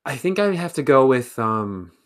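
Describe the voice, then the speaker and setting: A man answering questionnaire questions in a casual podcast chat, slow and hesitant with many ums, over a remote call. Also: mid-range voice, big pitch swings, fairly bright tone. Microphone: remote call with lag.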